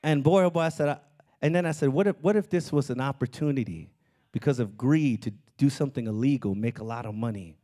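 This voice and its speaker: A man preaching a sermon as pastor of his church, with animated delivery that climbs into shouts. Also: mid-range voice, quick pace. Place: church sanctuary.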